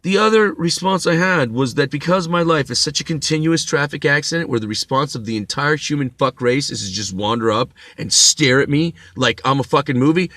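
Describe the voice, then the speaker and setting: A middle-aged man rants about his own troubles in a sharp, bright voice. He swears freely and stumbles into restarts as the anger builds. The sound is dry and close, with no room around it. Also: a little high, brisk, hardly any pauses, dry recording. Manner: intense, bitter, swears freely, stammers on restarts. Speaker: vlogger. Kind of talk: ranting personal monologue.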